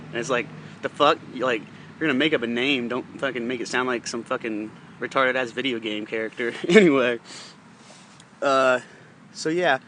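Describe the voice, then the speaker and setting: Bright-voiced profane young man rambling. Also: mid-range voice, slight background noise. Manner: profane, rambling, laughs mid-sentence. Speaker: podcast host. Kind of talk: casual storytelling monologue.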